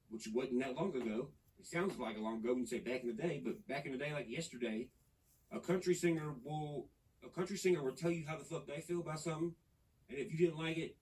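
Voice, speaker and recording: A man from Nashville, talking in a casual podcast chat, animated, profane and rambling. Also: mid-range voice, distant mic, slight background noise, poor audio. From Nashville, Tennessee. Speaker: podcast guest.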